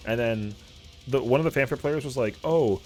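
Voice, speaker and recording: A man's voice: mid-range voice, normal speed, faint music behind. A man streaming a game, telling a casual story in slangy, profane talk and acting out what friends said. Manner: animated, slangy, profane, acts out quotes. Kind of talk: casual storytelling while gaming.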